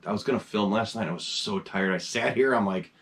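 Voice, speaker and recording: A man's voice: on the low side, fairly quick, a bit bright. A man hosting a horror mask collection vlog, chatting casually from a desk in his home mask room, enthusiastic and rambling with lots of fillers.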